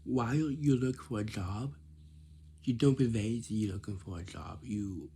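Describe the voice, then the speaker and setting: A man gives plain job-hunting advice in a slow, halting way, often restarting and repeating his phrases. His voice is low, gravelly and husky. He talks casually to the camera in simple words. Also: dark tone. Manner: simple, plain wording, lecturing tone.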